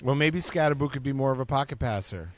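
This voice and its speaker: A man co-hosting a sports podcast, chatting casually and cracking dry, deadpan jokes. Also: mid-range voice, fast talker, slight background noise. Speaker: podcast co-host.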